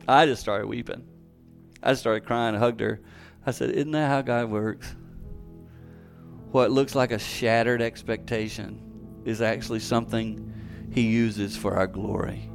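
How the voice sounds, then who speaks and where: An earnest middle-aged man delivers a sermon in a church, repeating his key points for emphasis. His voice sits at an ordinary mid pitch, and faint music plays quietly behind him. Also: fairly even intonation, unhurried, vocal fry, pauses often. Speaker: preacher. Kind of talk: sermon with personal story and closing prayer.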